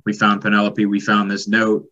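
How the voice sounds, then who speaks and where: Bright-voiced male game master. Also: on the low side, normal speed, muffled recording. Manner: relaxed, describing scenes and rulings. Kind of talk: running a tabletop game.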